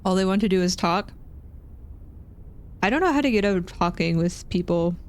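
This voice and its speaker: Animated woman streamer from Texas. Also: fairly low pitch, moderate pace. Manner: animated, self-deprecating storytelling with nervous laughs. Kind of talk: casual chat while gaming.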